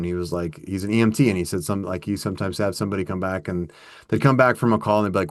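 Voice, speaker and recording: A man with a lowish voice co-hosts a workplace podcast. He talks casually, telling stories and acting out what people said. The sound is close and dry. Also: fairly even intonation, quick pace, no room sound. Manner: storytelling with acted-out quotes, conversational. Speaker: podcast co-host.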